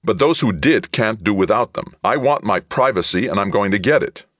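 A man's voice: rumbling low, big pitch swings, slow pace, creaky, pushed and bright, no echo, clean studio sound, full character voice. A man voicing an older male commando who snaps back at his captors with indignant, snarling lines.

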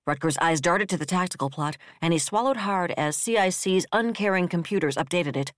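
An audiobook narrator reading military science fiction in a steady, even storytelling manner. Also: medium pitch, fairly quick, dry recording, clean studio sound.

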